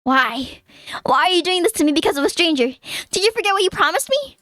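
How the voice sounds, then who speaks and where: A woman's voice: very high-pitched, animated, quick pace, pushed and bright, dry recording, clean studio sound, voice pushed up, exaggerated voice. A woman doing a clingy, guilt-tripping young man. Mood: hurt. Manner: pleading, whiny. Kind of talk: reading a visual novel aloud.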